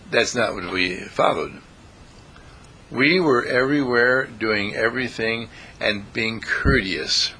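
A man giving a lively talk to a live audience as a counselor, asking the audience questions and acting out quotes. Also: lowish voice, a little hiss or hum. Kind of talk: motivational lecture to a live audience.

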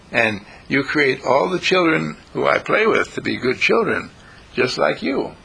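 A man's voice: on the high side, very animated, a little slow, vocal fry, sharp tone, slightly rough, poor audio. A man giving an inspirational spiritual talk in a folksy, repetitive way, chuckling as he preaches. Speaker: spiritual speaker.

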